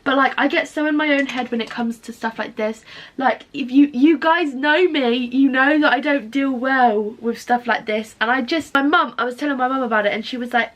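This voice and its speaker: A woman's voice: on the high side, fairly bright tone. A young woman chatting casually in a confessional vlog, rambling and self-mocking. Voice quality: tearful. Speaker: vlogger.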